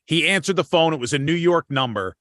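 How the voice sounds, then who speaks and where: A man's voice: fairly high pitch, expressive, brisk, fairly bright tone, no room sound. A man co-hosting a casual talk show, swearing freely and reacting with energy. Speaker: podcast co-host. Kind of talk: casual chat.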